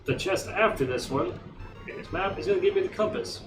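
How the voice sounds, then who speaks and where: A man's voice: high-pitched, expressive, brisk, recorded from a distance. A man giving chatty, rambling let's play commentary, recorded off-mic in a roomy space with game music behind. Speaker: gamer streamer.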